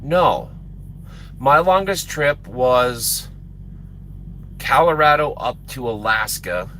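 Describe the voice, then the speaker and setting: A man's voice: medium pitch, lively intonation, takes it slowly, bright, forceful tone, slight background noise. A man, a truck driver chatting casually with his livestream viewers, rambling and repeating words for emphasis. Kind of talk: casual chat with stream viewers.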